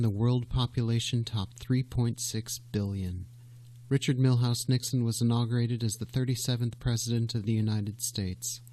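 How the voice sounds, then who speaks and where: A man narrating a documentary in a measured, scripted delivery. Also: mid-range voice. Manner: measured, even, reading.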